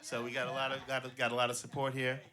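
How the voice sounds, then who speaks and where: On a small club stage in front of a live audience, a middle-aged schoolteacher from the Cincinnati area in Ohio does his first stand-up set. He speaks fast at a medium pitch, telling joke stories in a relaxed way, lightly voicing the characters, with small slips and restarts.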